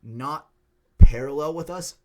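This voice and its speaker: A man co-hosting a podcast, telling a story in a lively, profane, casual way. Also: fairly high pitch, measured pace, noisy background. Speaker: podcast co-host. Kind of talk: casual chat.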